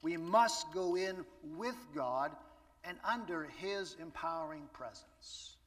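Preacher, man, bright voice, chatty with rhetorical questions, heard from afar. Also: fairly high pitch, expressive, slow pace. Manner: conversational, asks the audience rhetorical questions. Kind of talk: sermon. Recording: echoey hall from far off.

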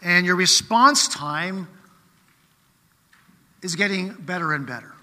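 A man's voice: high voice, expressive, slow pace, sharp tone, long reverb tail. A man preaching a sermon in a conversational way, often checking in with rhetorical questions.

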